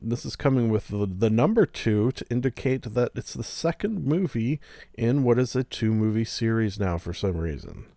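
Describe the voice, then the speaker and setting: A man's voice: mid-range voice, vocal fry, dark tone, no room sound, clean studio sound. A man hosting a solo podcast, rambling casually with goofy, self-mocking asides. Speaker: podcast host.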